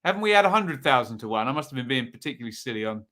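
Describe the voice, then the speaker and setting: A man's voice: medium pitch, sing-song, racing, fairly bright tone. A young man hosting a live football predictions stream, chatty and jokey as he reads out viewers' picks. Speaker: host.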